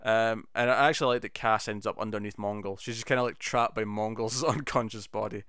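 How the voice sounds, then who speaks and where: A man talks through an episode with his co-host in lively, animated bursts, jumping into little acted-out lines along the way. His voice comes through smooth and clean on a close, dry mic with almost no room sound. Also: fairly low pitch, brisk, dry recording. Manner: animated, enthusiastic, quotes scenes in bursts. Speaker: podcast co-host. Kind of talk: casual chat.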